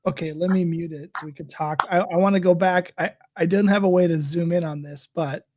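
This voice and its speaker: A man's voice: a little high, fairly even intonation, brisk, darkish tone, a little hiss or hum. Wry chatty male co-host. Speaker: podcast co-host. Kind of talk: casual political chat.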